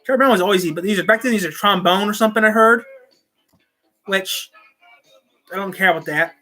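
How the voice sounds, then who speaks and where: With soft music in the background, a channel host rambles to camera from home via a desk microphone, frequently restarting her sentences. Her mid-range voice is a little fast and sharp-toned.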